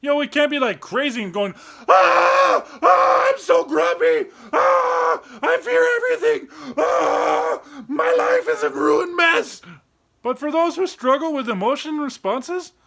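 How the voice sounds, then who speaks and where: A playful young cartoon dog, as a man voices him, hosting a kids' lesson with a very high, bright voice. He swings his pitch all over and bursts into barks and yelps to act out feelings. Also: animated, a little fast, few pauses. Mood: earnest explaining. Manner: playful, acts out each emotion with sudden cries. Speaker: children's show host. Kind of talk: kids' educational explainer.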